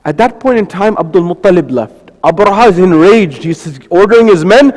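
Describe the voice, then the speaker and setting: A man's voice: high voice, animated, normal speed. A male preacher in a mosque giving a sermon, telling a story with repeated phrases and lists. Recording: long reverb of a mosque hall.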